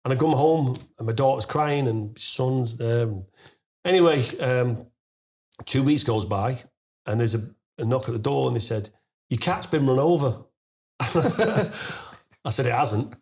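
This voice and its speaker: A middle-aged man spins a rambling, animated tale. He stumbles over his words with lots of fillers and restarts, swears casually, and his voice jumps up in pitch and volume when he gets to the unbelievable part. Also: measured pace, gravelly. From England. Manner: animated storyteller, rising to loud laughing disbelief. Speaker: guest. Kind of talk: storytelling in a podcast interview.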